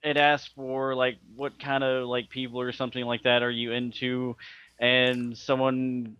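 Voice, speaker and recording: A man's voice: mid-range voice, completely flat delivery, a little slow, clean tone, dry recording. A man co-hosting a gaming podcast who asks pointed questions and tells stories in casual chat. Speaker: podcast co-host. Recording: slightly dull lo-fi mic.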